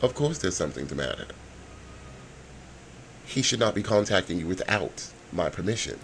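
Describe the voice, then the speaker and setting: A man's voice: low-pitched, big pitch swings, normal speed, vocal fry, a little hiss or hum, heavily acted. A man voicing a stern, controlling noble mother in a life-sim game, speaking primly. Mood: scolding. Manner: prim, scolding.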